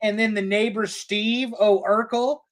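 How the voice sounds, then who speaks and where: A man's voice: high voice, fairly even intonation, unhurried. A middle-aged man, a podcast co-host, rambling in casual chat with profane rants.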